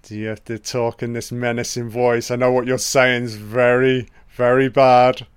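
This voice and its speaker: A man hosting a casual film commentary, reacting excitably and swearing freely as the film plays. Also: medium pitch, normal speed, smooth, no room sound, studio quality. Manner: profane, excitable running reactions.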